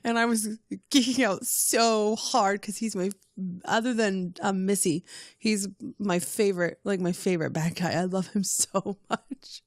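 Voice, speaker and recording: A woman's voice: medium pitch, a little slow, dry recording. Bubbly woman, podcast guest, squeals now and then, dry close sound. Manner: bubbly, squeals when quoting her own excitement. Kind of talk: casual podcast chat.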